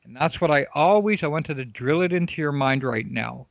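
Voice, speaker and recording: A man's voice: a little high, normal speed, creaky, muffled recording. A man teaching a live online trading class, emphatic and repetitive, often checking in with his students. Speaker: trading coach.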